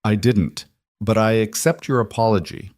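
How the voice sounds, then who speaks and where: Man doing a gentle, patient single dad. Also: lowish voice, normal speed, no echo, clean studio sound, natural voice. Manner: calm, soft-spoken.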